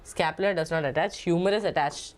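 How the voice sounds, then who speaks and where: A woman's voice: fairly low pitch, brisk, a little hiss or hum. A young woman teaching a biology lecture in Malayali-accented English, chatty and repetitive, often checking in with "okay?" and "no?". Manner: chatty, repeats herself, asks "okay?" and "no?". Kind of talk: online exam-prep lecture.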